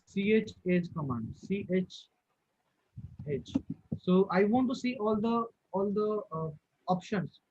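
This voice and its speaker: Man, instructor, high voice, live online class, quizzes students, repeats himself, dry muffled call audio. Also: animated, slow, a little mellow, no echo. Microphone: video call.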